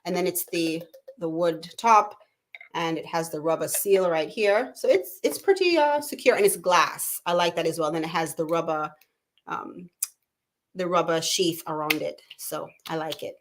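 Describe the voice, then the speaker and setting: A woman's voice: fairly low pitch, lively intonation, a little slow. Chatty woman host reading live comments. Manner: chatty, warm-hearted, reads viewer comments aloud. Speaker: talk show host. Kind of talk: live-stream casual chat.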